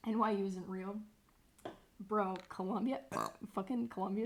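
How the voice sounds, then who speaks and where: Young woman streamer rambling, sarcastic, swears a lot, medium pitch. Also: fairly even intonation, normal speed, slight background noise. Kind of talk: casual live-stream chat.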